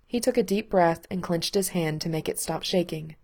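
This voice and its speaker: A woman reading a story aloud in a calm, measured way, her voice sitting a little low for a woman. The delivery is steady and unhurried, like an audiobook reading. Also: slightly rough. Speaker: narrator.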